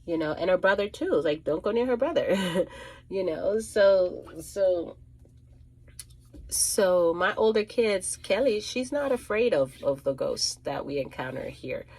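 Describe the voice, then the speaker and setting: A woman's voice: lowish voice, expressive, unhurried, a little mellow, breathy edge. A woman working as a psychic medium, telling a casual storytime monologue in a rambling way, restarting and repeating phrases with many ums.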